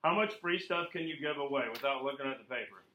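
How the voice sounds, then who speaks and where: A man coaching a room of salespeople at a training seminar, energetic and checking in often with his listeners. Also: mid-range voice, quick pace, reverberant, recorded from a distance, low-quality recording.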